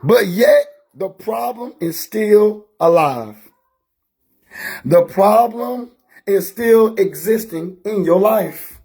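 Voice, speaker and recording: Gravelly high-voiced man preaching on a live stream. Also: expressive, slow pace. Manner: emphatic and repetitive, preacher-like, with shouted peaks. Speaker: motivational speaker on a live stream. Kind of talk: preachy motivational live talk.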